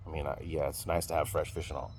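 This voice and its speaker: Man, low voice, casual venting monologue, rambly, swears freely. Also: flat delivery, fast, a little mellow, slight background noise. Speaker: vlogger venting.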